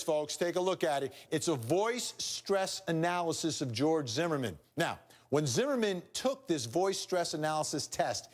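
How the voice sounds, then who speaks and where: A man hosting a studio legal talk show, briskly putting questions to guests and a mock jury. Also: fairly high pitch. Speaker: TV host.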